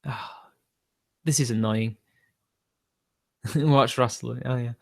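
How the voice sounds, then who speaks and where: Man, livestreamer, casual rambling chat, quick to get annoyed. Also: medium pitch, steady tone, vocal fry. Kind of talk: casual live-stream chat.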